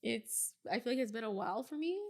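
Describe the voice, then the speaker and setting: A woman in her twenties co-hosts a podcast, telling stories in a chatty, rambling, casual way. Her voice is fairly high, with lively intonation and a fast pace.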